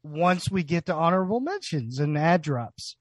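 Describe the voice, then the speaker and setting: A man's voice: fairly high pitch, sing-song, moderate pace. A man on a podcast, enthusiastic and bantering in casual chat.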